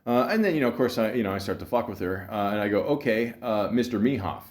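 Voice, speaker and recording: A man's voice: lowish voice, expressive, rapid-fire. A man hosting a casual solo podcast, rambling and sarcastic, full of fillers and restarts as he reads out and mocks scam texts. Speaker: podcast host. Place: home in a city, street sounds outside.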